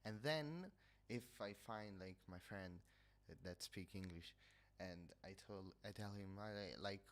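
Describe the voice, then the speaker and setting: An Italian-accented man with a nasal, lowish voice chats unhurriedly into a headset mic. He talks slowly, with many fillers and pauses while he hunts for English words. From Italy. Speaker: livestreamer. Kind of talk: casual chat.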